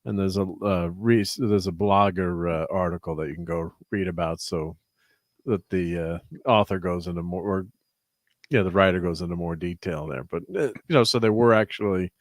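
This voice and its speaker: Male co-host, measured reader, deep, dry close sound. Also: steady tone, dry recording. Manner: reads notes aloud, measured. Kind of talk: casual livestream chat.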